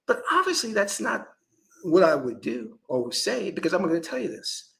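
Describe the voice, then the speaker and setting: A man's voice: high-pitched, very animated, moderate pace, gravelly, bright, forceful tone, rough recording. A man who is a Kemetic priest, giving an emphatic, preachy spiritual lecture full of restarts.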